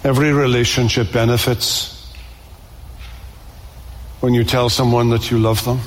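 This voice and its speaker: A man's voice: mid-range voice, flat delivery, unhurried, in a large hall, slight background noise. A man preaching a sermon with passion, repeating words and climbing to emphatic peaks.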